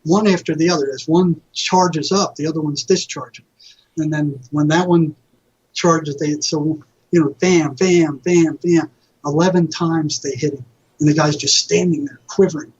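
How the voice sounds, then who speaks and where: A man's voice: fairly high pitch, steady tone, normal speed, a little mellow, slightly rough. A retired psychotherapist telling vivid anecdotes in a casual interview, acting out quoted voices as he goes. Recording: dull lo-fi audio.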